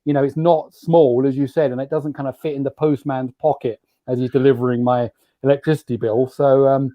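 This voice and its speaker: A man's voice: medium pitch, flat delivery, brisk, mellow, dry recording. A man with a British accent, a guest on a podcast, explaining things in an orderly way with wry, dry humor. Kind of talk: casual interview chat.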